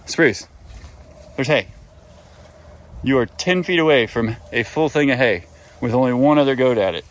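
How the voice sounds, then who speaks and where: A man's voice: medium pitch, expressive, normal speed. A man on a goat farm talking casually and playfully, chatting fondly to his goats outdoors in the pen. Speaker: goat farmer and vlogger. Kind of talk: casual chat with the animals.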